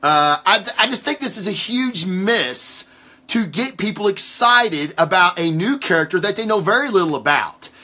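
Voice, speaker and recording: A man's voice: sits high, lively intonation, normal speed, bright, forceful tone. A man giving a casual solo comic book review, rambling with many restarts and frequent swearing.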